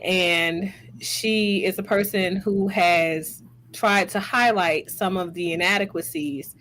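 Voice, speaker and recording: A woman's voice: lowish voice, a little hiss or hum. A woman hosting and speaking as a clinician, commenting on social media clips and stretching key words for emphasis. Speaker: host and clinician.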